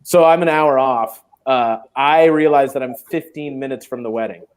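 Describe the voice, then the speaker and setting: A man's voice: medium pitch, normal speed, smooth. A man casually telling a long funny story on a chat stream, acting out the other people's lines. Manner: animated, acts out quoted voices. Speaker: co-host.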